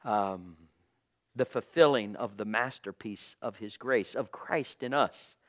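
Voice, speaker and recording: A man preaching a fervent sermon, moving between hushed low passages and loud, emphatic proclaiming with repeated phrases and bursts of praise. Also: slow pace. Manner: fervent, punctuated with praise exclamations.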